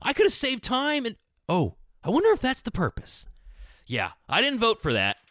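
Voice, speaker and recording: A man hosting a solo podcast from a small closet, telling stories in an animated, exasperated rant. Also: extremely high pitch, normal speed, no room sound, studio quality. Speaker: podcast host. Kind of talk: solo ranting podcast monologue.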